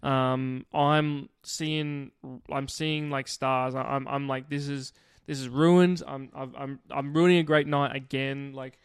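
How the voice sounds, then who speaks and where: A man's voice: medium pitch, fairly even intonation, slow, clear, resonant tone, no room sound, studio quality. A young man, co-hosting a podcast in casual chat, sheepish and given to rambling side notes. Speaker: podcast co-host.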